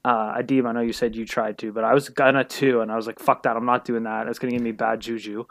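A man's voice: medium pitch, little pitch movement, fast, no room sound. A man co-hosting a podcast in casual chat, making his points emphatically and swearing a lot. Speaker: podcast co-host.

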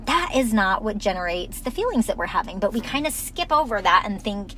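A woman co-hosting a casual conversation, calmly explaining her ideas and laughing often. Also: medium pitch, brisk, slight background noise, low-quality recording.

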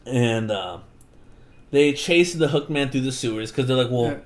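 A man's voice: medium pitch, measured pace. A man in a casual podcast chat, recapping a book with swearing and acted-out quotes. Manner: animated, swearing, acts out quotes. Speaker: podcast host.

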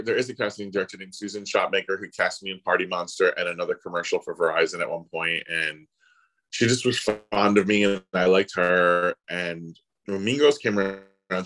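A man's voice: low voice, fairly quick, low-quality recording. A man, an actor guest, telling anecdotes in casual chat and acting out the people he quotes. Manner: animated, voices others in quotes. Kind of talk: casual storytelling.

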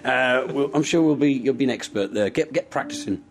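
A man with a Teesside accent hosting a casual podcast chat from a hotel bedroom, teasing his guests with quick jokes. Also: mid-range voice. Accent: Teesside English. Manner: jokey, teasing, quick asides. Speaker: podcast host.

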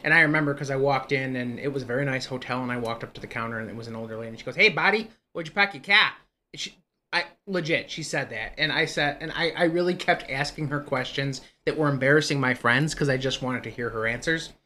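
Male co-host, bright edgy tone, wanders into long funny anecdotes on a shared mic. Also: medium pitch, fast, a little hiss or hum. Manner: rambling storyteller, jokey. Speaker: podcast co-host. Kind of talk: casual chat. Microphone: one mic shared among hosts.

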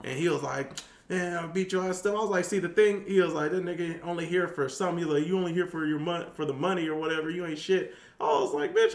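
A man's voice: fast, reverberant. A man, a youth detention worker, telling a story in casual chat and acting out the quotes with big jumps in his voice. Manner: animated, acts out quotes with big pitch jumps. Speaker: guest.

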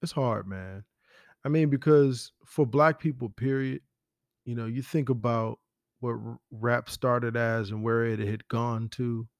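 Man, gravelly voice, casual profane rambling, dry close sound. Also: medium pitch, no room sound. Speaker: podcast host. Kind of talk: casual solo commentary.

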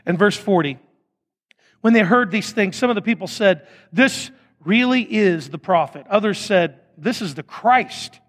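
A man preaches, reading scripture aloud and then breaking off into playful asides. His voice sits high for a man. The sound carries a long reverb, as from a large hall. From Fort Smith, Arkansas. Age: 30s. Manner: animated, joking asides, acts out voices. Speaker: pastor. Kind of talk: sermon, reading and explaining scripture.

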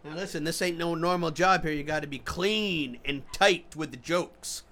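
An actor playing a pushy, washed-up comedian who bosses a drummer, talking in halting bursts with many fillers. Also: male voice, on the high side, pushed and bright. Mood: bossy. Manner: bossy, impatient, halting with fillers. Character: pushy washed-up male comedian, ex-boxer, older. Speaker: comedian holding an audition. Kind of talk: comedy sketch acting.

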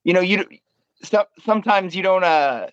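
A man's voice: high-pitched, animated, normal speed, no echo, highs cut off. A man who works in bars, talking casually and reflectively, often repeating words while he gathers his thoughts. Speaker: bar worker, co-host. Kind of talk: casual podcast chat.

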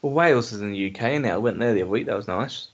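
A man's voice: on the low side, lively intonation, racing, lo-fi sound. An English man co-hosting a podcast in casual chat, blunt and grumbling, swearing freely as he talks. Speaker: podcast co-host.

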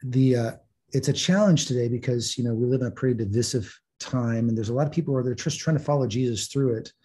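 A man's voice: medium pitch, fast talker, mellow, breathy edge. A man hosting an interview, reflectively summarizing his guests' answers. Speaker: host. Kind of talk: interview conversation.

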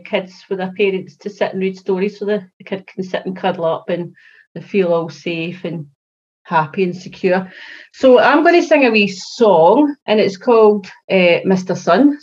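A woman's voice: mid-range voice, slightly rough, muffled recording. A Scottish woman talking to young children in a chatty, encouraging way. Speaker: early years student presenter. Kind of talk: casual chat to children.

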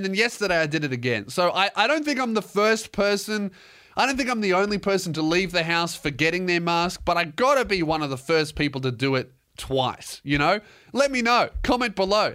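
A man, ranting and telling stories on his own podcast, swearing freely and mocking himself. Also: sits high. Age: 20s. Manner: swearing, animated storytelling, self-mocking. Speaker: podcast host. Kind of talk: casual solo podcast rant.

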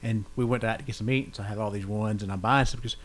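A man's voice: fairly low pitch, steady tone, racing, low-quality recording. Laid-back man hosting. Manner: laid-back, chatty, laughs often. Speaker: podcast host. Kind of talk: casual interview chat.

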